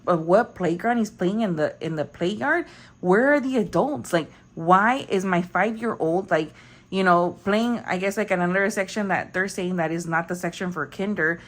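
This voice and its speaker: Young woman rambling through a storytime, lots of likes and you knows, kinda low voice. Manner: chatty, rambling, lots of fillers. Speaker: budgeting vlogger. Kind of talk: casual storytime chat.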